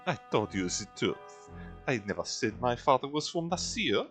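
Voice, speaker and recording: A man putting on a cold, scheming woman admiral in a mock French accent, dropping into a lower pitch and speaking slowly. The delivery is menacing and composed, with a lively rise and fall and faint music behind it. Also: lightly acted. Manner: slow, low, menacing delivery. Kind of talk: reading game dialogue aloud.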